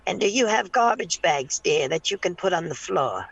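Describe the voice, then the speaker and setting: Brief: man putting on a high, crackly 87-year-old prank-call granny, sweetly demanding. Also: expressive, normal speed, gravelly, a bit bright, breathy edge, dry recording, highs cut off, heavily acted. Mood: sweetly crude. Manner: sweetly insistent, repeating "dear", crude. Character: pushy 87-year-old woman who calls everyone dear. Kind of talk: prank call role-play.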